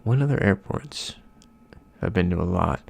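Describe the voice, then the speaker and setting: A man's voice: low voice, lively intonation, normal speed, creaky, darkish tone, dry recording. A young American man chatting casually on a live stream, reading out chat messages as he plays. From United States.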